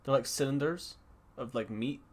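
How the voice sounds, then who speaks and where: On a casual podcast recorded over an online call, a man co-hosting rambles with frequent restarts and curses along the way. His voice is mid-range and his pace moderate.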